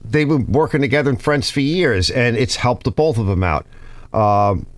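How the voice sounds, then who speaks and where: A man's voice: mid-range voice, moderate pace, no echo. Rambling New York man, dry close sound. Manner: rambling, restarts sentences, reads comments aloud. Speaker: YouTube channel host. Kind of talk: casual rambling talk to viewers.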